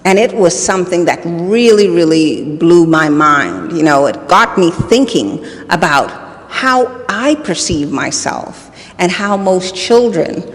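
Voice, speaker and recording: A woman's voice: fairly low pitch, big pitch swings, slow pace. A woman hosting a motivational talk, telling a personal story earnestly and repeating her phrases for emphasis. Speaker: host. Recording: long reverb.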